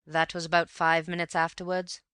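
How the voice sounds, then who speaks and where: Woman reading a brisk coroner guy, low-ish voice, firm, dry close sound. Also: little pitch movement, a bit bright, no echo, close to an everyday voice. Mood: formal. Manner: crisp, formal questioning. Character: formal male coroner questioning witnesses.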